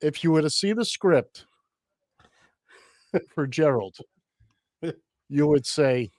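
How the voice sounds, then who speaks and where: A man hosting a casual radio talk show, rambling with a dry humor and plenty of halting fillers. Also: on the high side, animated, dry recording.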